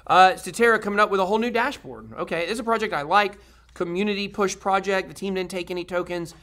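A man's voice: high-pitched, fast, a bit bright. A man hosting a crypto video, talking casually to viewers in a rambling, upbeat way with many fillers and restarts.

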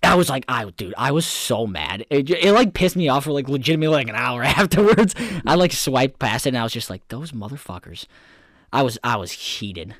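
A man's voice: mid-range voice, big pitch swings, fairly quick, hardly any pauses, a bit bright, dry recording, clean studio sound. A young man co-hosting a podcast in casual chat, rambling and swearing, getting worked up as he rants. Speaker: podcast co-host.

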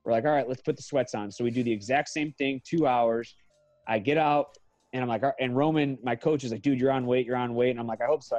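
A man's voice: mid-range voice, darkish tone, no echo, highs cut off. A man in his thirties, an MMA fighter guesting on a podcast, telling a long story in a loose, profane way and often correcting himself mid-sentence.

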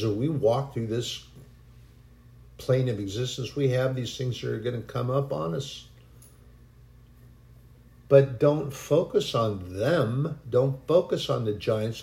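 A man preaching a sermon, earnest and animated, who now and then acts out frightened voices. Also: mid-range voice. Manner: earnest, animated preaching with sudden bursts of acted panic. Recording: echoey room.

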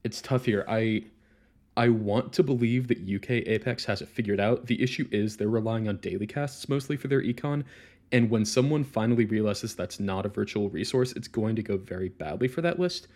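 Measured analytical man. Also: lowish voice, darkish tone. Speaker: podcast contributor. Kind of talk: recorded commentary on a card game.

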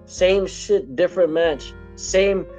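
A man's voice: high voice, slow pace, soft background music, rough recording. A man co-hosting a podcast, ranting and swearing in a casual chat. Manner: animated, profane ranting. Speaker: podcast co-host.

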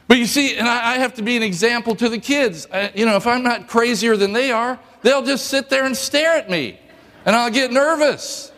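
A male pastor giving a sermon in a church, joking and telling stories in a lively way. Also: very high-pitched, big-room sound.

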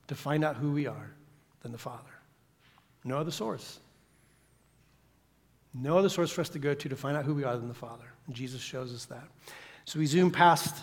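Preaching man, loud to whispered, in a reverberant hall. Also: a little high. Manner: dramatic, swings from loud to hushed whisper. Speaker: guest pastor. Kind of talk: sermon. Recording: long reverb of a church hall.

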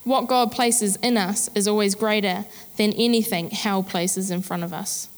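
A woman's voice: mid-range voice, fairly even intonation, moderate pace, big-room sound. A woman pastor giving a candid, chatty sermon with self-deprecating humor.

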